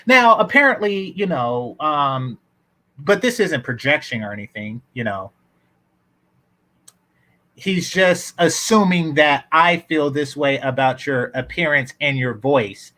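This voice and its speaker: A man's voice: a little high, animated, slow pace, pushed and bright. A man hosting a casual reaction commentary, breaking into sarcastic, exasperated asides between clips.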